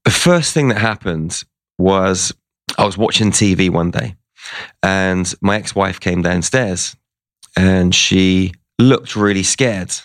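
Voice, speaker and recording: Male interview guest, low voice, dry close sound, chatty storyteller who acts out the lines people said. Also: slow pace, no room sound. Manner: conversational, retells events with quoted dialogue.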